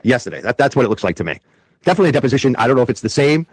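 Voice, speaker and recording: A man's voice: medium pitch, big pitch swings, very fast, breathy edge, no echo. Sarcastic ranting male stream host. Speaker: show host and commentator. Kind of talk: livestream commentary.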